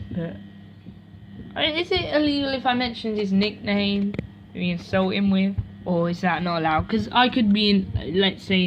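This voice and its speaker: With a mid-range voice and a bit of hiss or hum, a woman vlogs casually at home next to a washing machine. She rambles, corrects herself and drops chatty asides, all captured in a dull lo-fi home recording.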